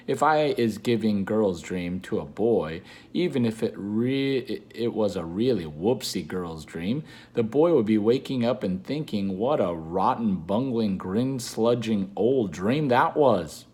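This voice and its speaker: A man reads aloud as a big, gentle old giant who jumbles his words and stretches them out with relish. The voice sits a little low and bounces with lively intonation, unhurried and storybook-slow. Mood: playful. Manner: broken grammar, drawn-out playful phrasing. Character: huge kindly giant, old male, mangles grammar. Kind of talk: children's read-aloud.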